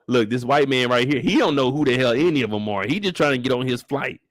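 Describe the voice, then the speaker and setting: A man casually recapping a show on a live stream, talking in an animated way and acting out the characters in exaggerated high voices, with a relaxed way of speaking. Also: fast, no room sound, studio quality.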